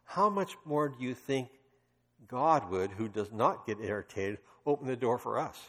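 A man's voice: medium pitch, lively intonation, moderate pace. A man preaching a sermon, telling stories emphatically with passionate bursts. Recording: long reverb of a large hall.

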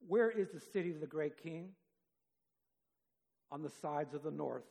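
High-voiced preacher in a reverberant hall. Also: male voice, unhurried, creaky, mellow. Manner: conversational, reads scripture aloud, rises for emphasis. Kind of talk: sermon.

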